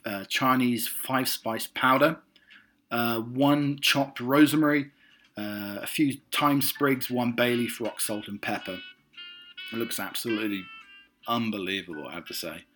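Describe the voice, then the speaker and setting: Halting man reading out lists. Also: mid-range voice, fairly bright tone. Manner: reads haltingly with many ums and uhs. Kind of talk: casual read-through of lists.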